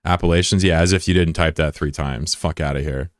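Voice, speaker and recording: Low-voiced joking streamer man. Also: fairly even intonation, brisk, no echo, clean studio sound. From United States. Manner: joking, profane, rambling asides. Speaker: live streamer. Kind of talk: casual chat, reading out viewer comments.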